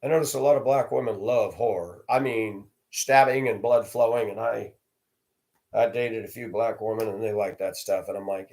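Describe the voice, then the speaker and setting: Here a middle-aged man tells his own stories in a straightforward, blunt way, hosting a storytelling monologue. The voice is fairly low and darkish, delivered at a moderate speed.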